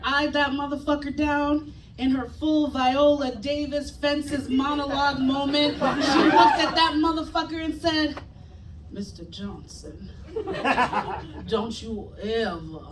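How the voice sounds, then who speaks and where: High-voiced woman doing stand-up. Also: level tone, a little slow. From United States. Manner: loud, profane storytelling with acted-out voices. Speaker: stand-up comedian. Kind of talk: stand-up comedy set. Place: comedy club stage with live audience. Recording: echoey room, distant mic, loud crowd laughter. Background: audience laughing.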